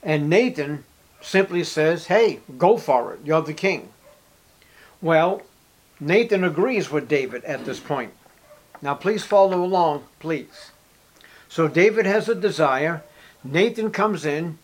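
Man preaching an animated sermon. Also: fairly high pitch, slow pace. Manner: acts out short dialogue between characters, emphatic repetition.

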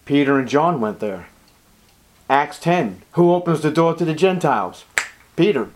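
A man preaching a sermon, acting out Bible scenes with sudden jumps in pitch and volume. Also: lively intonation, unhurried, a little hiss or hum. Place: church.

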